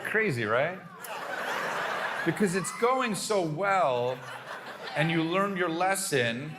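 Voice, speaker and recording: A man's voice: a little high, lively intonation, takes it slowly, heavy background noise. A man doing crowd work on a theater stage, brash and profane, mocking an audience member while laughing through his lines. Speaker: stand-up comedian. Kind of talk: crowd-work stand-up set.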